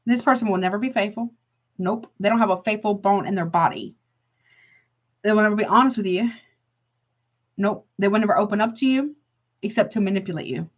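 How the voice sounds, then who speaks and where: A woman's voice: mid-range voice, moderate pace, pauses often, highs cut off. A woman giving a casual tarot reading, blunt and emphatic, often exclaiming and calling the listener honey. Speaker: tarot reader.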